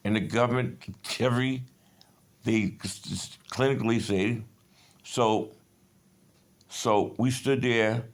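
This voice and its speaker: A man's voice: medium pitch, steady tone, slow, pauses often. A man in his fifties in a rambling personal monologue, agitated and profane, jumping between stories. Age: 50s. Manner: agitated, profane, digressive storytelling.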